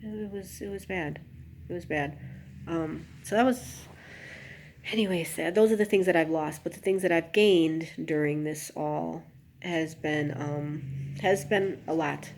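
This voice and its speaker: A woman's voice: low-pitched, measured pace, background noise. A woman telling personal stories in a confessional vlog, talking straight to her viewers with many asides and turning emotional. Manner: emotional, rising to an anguished near-shout, then subdued. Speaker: vlogger.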